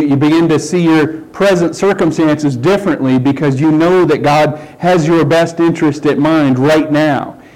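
A man's voice: a little high, a little mellow, low-quality recording. A middle-aged man preaching a conversational sermon, checking in with "okay" and "right?" as he explains. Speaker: pastor.

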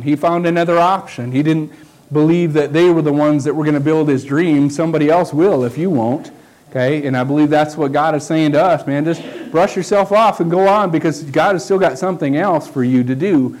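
A man's voice: a little high, darkish tone, poor audio. Folksy male pastor preaching a sermon. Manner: folksy, conversational preaching with frequent "okay?" asides.

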